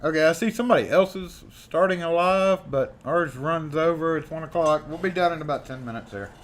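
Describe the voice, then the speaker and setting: Hosting a live stream, this man reads vintage magazine letters in an animated, theatrical style and cracks jokes between lines. His voice sits a little high and moves a little fast.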